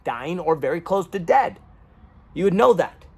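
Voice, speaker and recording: A man's voice: a little high, big pitch swings, moderate pace, vocal fry, husky. A man venting raw emotion in a rambling personal vlog monologue. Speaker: vlogger.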